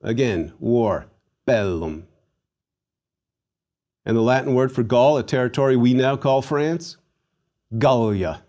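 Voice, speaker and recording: A man teaching a recorded Latin lesson, leading slow, deliberate pronunciation drills and giving emphatic, theatrical readings of Latin words. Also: mid-range voice, dark tone.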